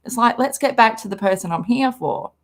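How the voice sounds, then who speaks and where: A woman's voice: fairly high pitch, expressive, a little fast. A woman with an Australian accent, chatting bluntly and casually as she reacts to a podcast for her stream, swearing freely. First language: English.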